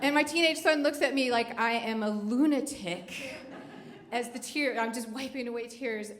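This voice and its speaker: A woman's voice: on the high side, moderate pace, fairly bright tone. A middle-aged woman telling a true story on stage to a live audience, in a wry, conversational, joking way. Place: live venue before an audience. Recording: echoey live hall.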